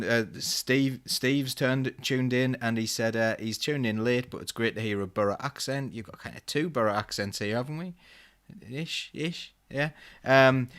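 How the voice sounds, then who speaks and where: A man hosting a live-streamed political panel, chatty and relaxed as he reads out viewer comments. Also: medium pitch, clean tone. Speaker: host.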